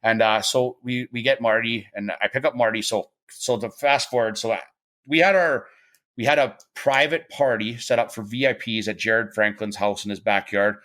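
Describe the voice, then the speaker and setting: On a podcast, a middle-aged man spins casual stories, rambling along with plenty of fillers and restarts and voicing the people he quotes. His mid-range voice is a bit bright, with fairly even intonation and a normal speed.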